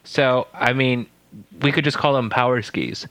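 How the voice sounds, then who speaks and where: Animated, dry-sounding man chatting. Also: medium pitch, dry recording. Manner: animated, incredulous, quick asides. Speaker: podcast co-host recapping a TV episode. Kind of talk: casual chat.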